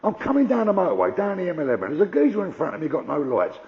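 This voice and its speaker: An older man doing gruff, conversational stand-up storytelling. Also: fairly high pitch, huge pitch swings, rapid-fire, lo-fi sound. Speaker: stand-up comedian.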